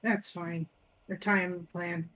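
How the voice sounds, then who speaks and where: A woman's voice: fairly low pitch, level tone, measured pace, fairly bright tone, voice pushed down, rough recording. A woman voicing a blunt, ambitious soldier who asks for a promotion in a matter-of-fact way.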